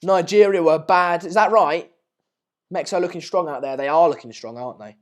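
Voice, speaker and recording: Chatty young streamer, a bit hoarse. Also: male voice, a little high, expressive, fairly quick. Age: late teens. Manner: chatty, rambling, restarts mid-sentence, calls viewers mate and pal. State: slightly hoarse from shouting. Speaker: live stream host. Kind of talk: casual live match watch-along, reading out viewer comments.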